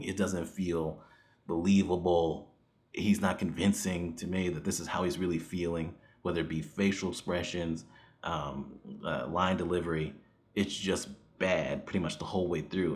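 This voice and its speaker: A man with a low voice talks through a bad movie in a loose, casual way. He rambles with plenty of "like" and "um," and chuckles at his own points. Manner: rambling, with frequent chuckles and fillers. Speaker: movie reviewer. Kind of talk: casual spoken review.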